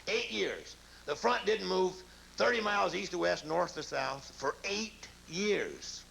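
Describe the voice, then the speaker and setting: Gravelly, animated male comedian. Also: high voice, a little slow. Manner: animated, mocking, puts on silly voices. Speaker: stand-up comedian and guest. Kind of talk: stand-up comedy routine and talk show banter. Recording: live studio audience laughter and noise.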